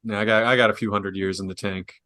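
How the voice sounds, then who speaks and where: A man in his twenties, co-hosting a podcast with wry, deadpan jokes. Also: lowish voice, quick pace. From Wisconsin, US. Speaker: podcast co-host. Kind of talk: casual podcast banter.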